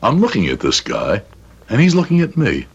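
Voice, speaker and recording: A man's voice: mid-range voice, wildly swooping pitch, moderate pace, creaky, slightly rough, highs cut off, full character voice. An actor playing a jovial, chatty businessman husband in his forties. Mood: genial. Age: 40s. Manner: jovial, laughing, nostalgic. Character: genial, chatty 42-year-old businessman husband.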